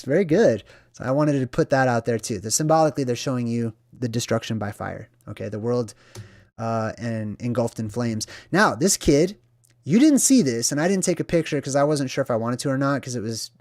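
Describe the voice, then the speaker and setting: Guy talking movies on his channel, lots of "right?", dry close sound, mid-pitched voice. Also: darkish tone, no echo. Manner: conversational, says "right?" often, acts out quotes. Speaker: channel host. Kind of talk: casual movie commentary.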